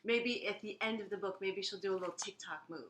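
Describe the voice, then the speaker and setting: Chatty woman teacher with a bright voice. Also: mid-range voice, fast, a little hiss or hum. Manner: casual and chatty, many fillers. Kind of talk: online class announcements.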